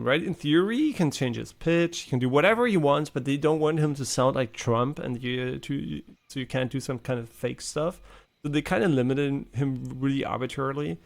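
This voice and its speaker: A man's voice: medium pitch, gravelly. A male game streamer chatting casually on a live stream, swearing and laughing as he teases a voice assistant. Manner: profane, laughing, teasing a voice assistant.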